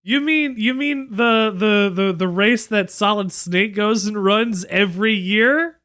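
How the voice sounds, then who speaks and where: A man's voice: high voice, slow, clear, resonant tone. A man streaming live, chatting casually as he reacts to a video and breaks off to coo at his dog. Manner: excitable, gushing baby-talk to his dog.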